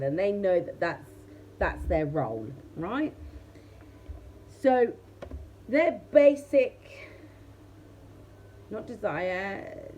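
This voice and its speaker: A woman's voice: medium pitch, warm tone, a little hiss or hum. A woman tarot reader chatting casually to her viewers, laughing often and talking straight to the audience. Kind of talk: casual tarot reading chat.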